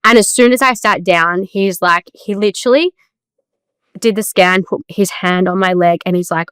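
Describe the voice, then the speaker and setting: A woman's voice: medium pitch, normal speed, fairly bright tone, clean tone, dry recording. Chatty woman telling a story. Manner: chatty, storytelling with quoted dialogue. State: tearful at times. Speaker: podcast co-host. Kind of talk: casual chat.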